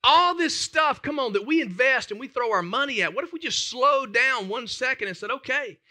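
A man's voice: very high voice, lively intonation, normal speed, bright, forceful tone. A man preaching a sermon as pastor, emphatic and conversational, putting questions to the congregation.

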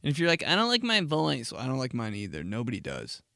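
A young man hosting a casual solo podcast, ranting profanely and acting out mocking quotes in shrill voices. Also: wildly swooping pitch, fast talker, vocal fry, pushed and bright, no room sound, clean studio sound. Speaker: podcast host.

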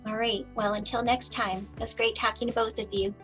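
A woman's voice: fairly high pitch, little pitch movement, a little fast, over music, poor audio. A woman hosting a podcast interview, upbeat and encouraging toward her guests. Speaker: podcast host.

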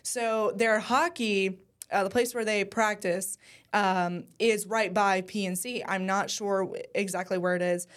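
A young woman co-hosting a talk show in a chatty, enthusiastic way. Her talk is casual and full of ums, and her pitch sits in a middle range. It sounds like an easygoing studio conversation. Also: fairly even intonation, a little slow. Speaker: co-host at a news station. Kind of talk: casual chat.

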